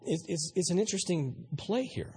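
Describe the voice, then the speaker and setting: A man's voice: sits high, lively intonation, moderate pace, a little mellow, slight background noise. A male pastor preaching a sermon, emphatic and questioning his audience, with frequent repeated words.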